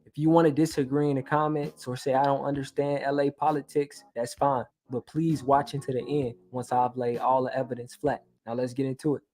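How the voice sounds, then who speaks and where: A man's voice: medium pitch, flat delivery, fairly quick, few pauses, darkish tone. A man hosting a commentary video, narrating a scripted, argumentative breakdown point by point. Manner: argumentative, explains step by step. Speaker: commentary channel host.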